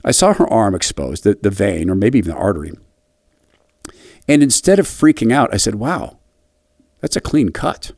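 A man's voice: very animated, darkish tone, no echo, clean studio sound. Earnest middle-aged male host. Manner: earnest, halting, with restarts and a wide pitch swing. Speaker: radio commentary host. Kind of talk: personal storytelling commentary.

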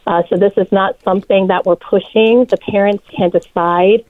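A woman's voice: medium pitch, steady tone, normal speed, dry recording. Woman from Ohio on a tinny phone line. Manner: friendly, many ums. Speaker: caller, program director. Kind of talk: phone-in call.

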